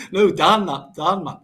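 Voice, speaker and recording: A man's voice: high voice, a bit bright, slight background noise. An English man co-hosting a casual football podcast, easygoing and agreeable, calling the others mate. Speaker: podcast co-host.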